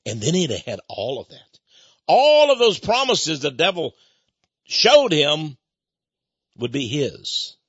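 A man delivers a storytelling sermon in a husky voice that swings hugely in pitch, speaking slowly with long pauses. He chuckles between points and asks his listeners questions. The recording is dull and lo-fi, with no room sound.

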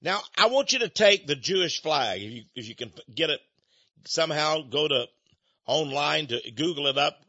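An older American man preaching a fiery radio sermon in a fervent, preachy way, swinging between loud outbursts and low asides. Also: husky, no room sound, muffled recording. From United States.

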